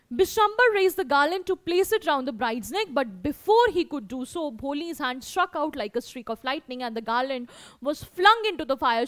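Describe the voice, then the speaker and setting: Woman teacher, high voice, dry close sound, reads the story then explains it. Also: a bit bright, no echo. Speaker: English teacher. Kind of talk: online class lesson.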